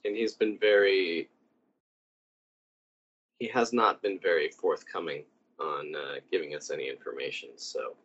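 A man playing a character in a tabletop role-playing game, musing in a deliberate way. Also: sits low, fairly bright tone, breathy edge, lo-fi sound. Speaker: player. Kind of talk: casual tabletop play.

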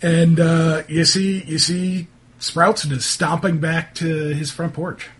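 A man narrating as game master of a tabletop game, halting and full of fillers. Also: on the high side, fairly even intonation, a bit bright, husky.

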